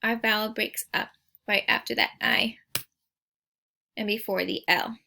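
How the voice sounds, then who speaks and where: Woman teacher slowly sounding out spelling words, bright voice with a bit of gravel. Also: medium pitch, fairly even intonation. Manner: patient, slow, clearly sounds out words. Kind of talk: recorded spelling lesson.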